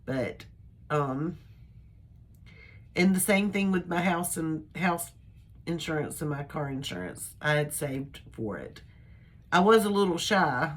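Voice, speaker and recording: Older woman, low-pitched and slow, talking casually to her viewers in a loose, rambling way. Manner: rambling, chatty, homespun. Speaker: vlogger. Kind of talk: casual personal chat to camera.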